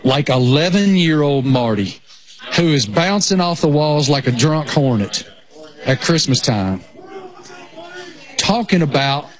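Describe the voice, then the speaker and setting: A man's voice: fairly high pitch, animated, unhurried, pauses often. A man with a rural Appalachian Southern accent, chatting casually as a sports broadcaster over a remote connection. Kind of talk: casual chat. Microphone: remote connection over satellite internet.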